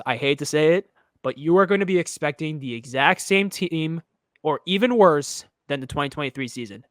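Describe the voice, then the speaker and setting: A man's voice: a little high, fairly bright tone, no echo, clean studio sound. Rambling opinionated young man. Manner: opinionated, rambling, restarts a lot. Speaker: podcast co-host. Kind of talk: casual sports chat.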